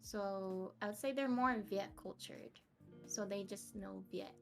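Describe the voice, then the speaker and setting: Slow-talking giggly young woman. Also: mid-range voice, a bit bright, faint music behind. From United States. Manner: giggly, laughs often, self-mocking. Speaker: podcast guest, streamer. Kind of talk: casual interview chat.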